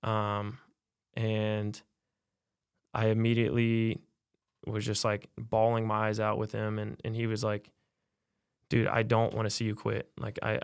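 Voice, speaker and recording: A young man, a college athlete, telling a personal story in a podcast interview, soft-spoken and halting with many fillers. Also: fairly low pitch, gravelly, clean tone, no echo, clean studio sound. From United States. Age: young adult. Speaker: college basketball player, podcast guest. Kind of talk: personal testimony in a podcast conversation.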